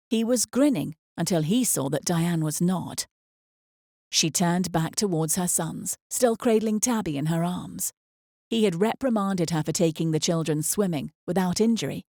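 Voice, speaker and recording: A woman narrating an audiobook in a measured, expressive storytelling manner, close to the mic. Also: on the low side, no room sound.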